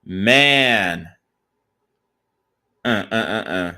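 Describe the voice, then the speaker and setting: A young adult man who hosts a commentary channel reacts to politics in a lowish, bright, forceful voice, animated yet very slow. He angrily reads viewer comments and a news article aloud, swearing frequently.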